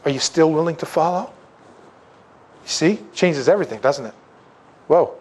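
This slightly rough male voice has lively intonation and moves at a normal speed. He's a pastor preaching conversationally, taking on the voices of those he quotes, with big shifts in pitch and volume.

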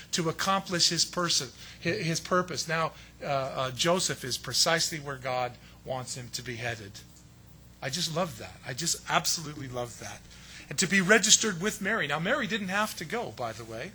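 Fields: Sex: man. Role: pastor. Style: emphatic sermon, bright voice. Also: high voice, slight background noise. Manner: emphatic, with rhetorical questions and exasperated asides.

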